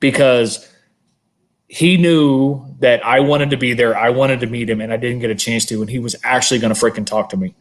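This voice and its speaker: A man co-hosting a podcast, telling a long story in casual, animated chat and swearing freely. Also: mid-range voice, fairly quick. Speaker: podcast co-host.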